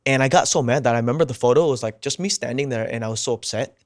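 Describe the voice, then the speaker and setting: A man's voice: mid-range voice, racing, no room sound, clean studio sound. A man guesting on a podcast, telling a story casually and with energy. He swears freely, acts out the people he quotes, and drops to a whisper at tense moments.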